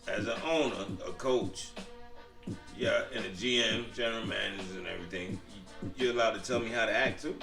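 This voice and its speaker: A man co-hosting a casual chat show, joking and animated, swearing freely. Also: lowish voice, fairly quick, creaky, reverberant, far from the mic, soft background music.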